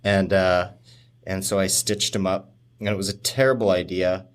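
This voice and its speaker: A man's voice: sits low, flat delivery, moderate pace, clean tone. A man co-hosting a podcast, telling a rambling story with frequent laughs and trailing off. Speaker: podcast co-host. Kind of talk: casual chat, storytelling.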